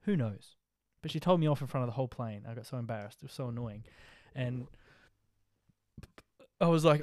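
A young Australian man casually telling an animated, slang-filled story about a flight, with jokey rhymes. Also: mid-range voice, fast, no room sound, studio quality. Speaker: social media vlogger.

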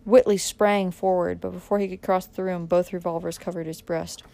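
A woman narrating a dramatic audiobook in a measured way, pressing harder in tense moments. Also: on the low side, level tone, creaky, mellow.

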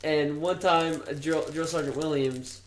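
This young male podcast co-host speaks in a slightly high, steady voice without hurrying, rambling through profane stories and laughing at his own tales. It's casual chat recorded in a roomy, echoing space with a little hiss or hum.

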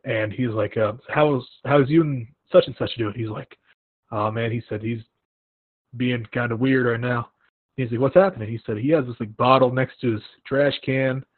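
A young man with a slightly husky voice hosts a casual chat, telling stories with acted-out quotes. The sound is thin and phone-like, close and dry. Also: medium pitch, moderate pace, dry recording. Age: young adult. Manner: animated storytelling with acted-out quotes. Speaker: podcast host. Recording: tinny phone-like line, dry.

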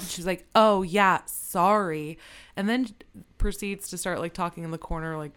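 A woman's voice: fairly low pitch, steady tone, normal speed, a bit bright, smooth. A woman who manages a restaurant, telling a story in a casual chat, swearing freely and laughing often.

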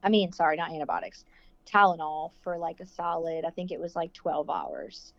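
Low-voiced woman telling an emotional story. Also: expressive, normal speed. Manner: emotional, rambling, heavy use of "like". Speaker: guest sharing her birth story. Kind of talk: casual conversational storytelling. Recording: dull lo-fi dry sound.

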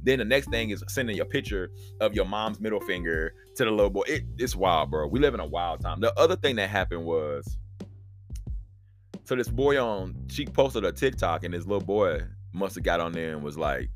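A man hosting a podcast, telling stories alone in a profane, animated way and acting out the voices he quotes. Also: low-pitched, normal speed, soft background music. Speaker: podcast host; father of daughters. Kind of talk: casual solo storytelling.

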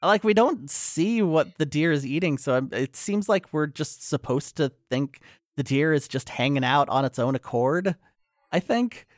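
A man's voice: fairly high pitch, lively intonation, normal speed, dry recording, studio quality. A man co-hosting a podcast, recapping a film scene by scene in casual chat, with frequent fillers and restarts. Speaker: podcast co-host.

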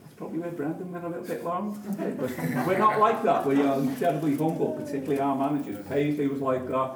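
Guy showing folks round the stadium, kinda high voice, all hyped storytelling, echoey corridors and a bit far off the mic. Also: fast talker, over a noisy crowd. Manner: animated, dramatic storytelling, builds excitement. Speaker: stadium tour guide. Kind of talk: guided tour talk. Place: indoor stadium corridors and tunnel. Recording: echoey halls, voice from a distance.

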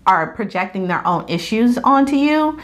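A woman in her thirties chatting casually about faith, acting out quotes with big jumps in her voice and frequent laughs. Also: normal speed. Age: 30s. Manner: animated storyteller, acts out quotes with big pitch jumps and laughs.

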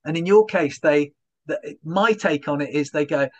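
A man, a comedian guest in an interview, telling stories in an animated way and acting out little voiced asides. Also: fairly high pitch, moderate pace. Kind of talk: conversational interview.

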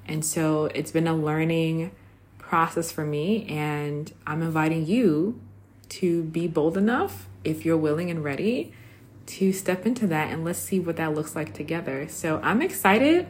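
A woman hosting a casual solo podcast, tired after working late, chatting with listeners and calling them "honey". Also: lowish voice. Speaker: podcast host.

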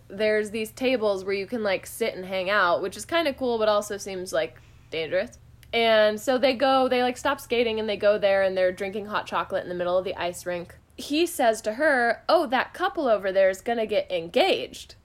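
A woman co-hosting a podcast, recapping a movie plot in casual, wry chat full of "like" fillers. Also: medium pitch. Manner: chatty, wry, lots of "like" fillers.

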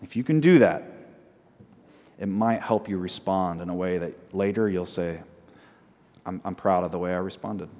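A man preaching a sermon as pastor, often asking the congregation questions and repeating short phrases slowly for emphasis. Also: low voice, a little mellow, in a large hall. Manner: asks the congregation frequent call-and-response questions.

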